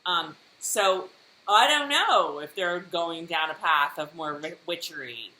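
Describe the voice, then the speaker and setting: Animated woman recapping TV, roomy sound. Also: fairly low pitch, takes it slowly. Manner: animated, laughing, acts out lines. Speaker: podcast co-host. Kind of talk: casual recap chat. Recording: roomy echo, faint noise.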